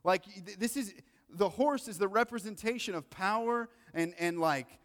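A male pastor preaching a sermon in a casual, joking way, swinging between loud excitement and hushed asides. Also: sits high, moderate pace. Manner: conversational, joking. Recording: long reverb of a large hall.

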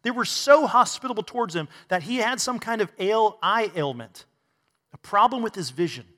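A man's voice: high-pitched, animated, moderate pace, pushed and bright, in a large hall. A man preaching a sermon to a congregation, asking rhetorical questions and adding bits of humor. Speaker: pastor.

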